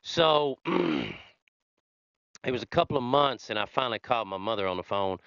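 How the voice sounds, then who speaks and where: A man's voice: mid-range voice, expressive, unhurried, vocal fry, a bit bright, smooth, dry recording. A man hosting a podcast, telling his own recovery story in a rambling, conversational way with many fillers. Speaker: podcast host. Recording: slightly dull lo-fi sound.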